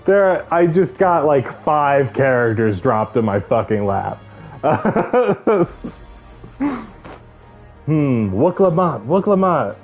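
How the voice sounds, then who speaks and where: A male streamer talks casually while playing, his voice high and lively. He swears freely and jumps about in pitch. The sound is a little muffled, with game music under it. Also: slow pace, pauses often. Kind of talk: casual gameplay stream chat.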